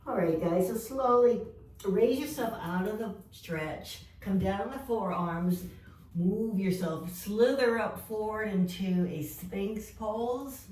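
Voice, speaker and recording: A woman in her fifties guiding a yoga class with calm, gentle step-by-step cues. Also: mid-range voice, takes it slowly. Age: 50s. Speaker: yoga instructor. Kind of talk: guided yoga class instruction. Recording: echoey room, mic far off.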